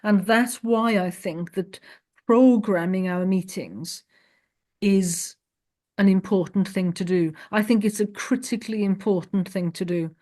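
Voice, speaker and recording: A woman's voice: medium pitch, a little slow, warm tone. A woman hosting a podcast, earnest and thinking aloud in long, searching sentences. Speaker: podcast host. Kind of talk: conversational interview.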